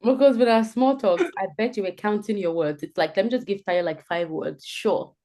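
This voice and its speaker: A woman leading a live group coaching call over video, playful and animated, acting out sample answers as she explains them. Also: medium pitch, fairly quick. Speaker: career coach.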